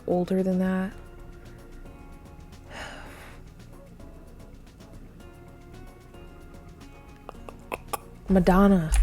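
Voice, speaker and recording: A woman's voice: medium pitch, dark tone. A woman thinking aloud while taking a timed trivia quiz, flustered and muttering, with many hesitations. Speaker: quiz video creator.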